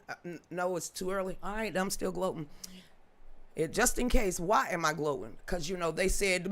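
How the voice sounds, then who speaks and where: A woman's voice: on the low side, normal speed, a bit bright. A middle-aged woman hosting a live political commentary stream, talking in a gloating, mocking way and breaking into sing-song chants. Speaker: host.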